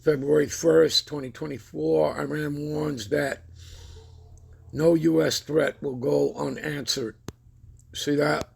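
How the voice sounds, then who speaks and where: A man's voice: a little high, level tone, takes it slowly, creaky, husky. A man preaching over news commentary, constantly checking in with his listeners with "all right?" and "okay?", reading scripture aloud with rising emphasis. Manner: keeps checking in with listeners with repeated tag questions.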